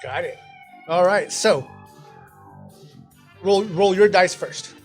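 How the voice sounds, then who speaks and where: A man's voice: high voice, slow, soft background music. A man as game master, describing scenes and walking a player through the rules step by step. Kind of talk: narrating a tabletop game.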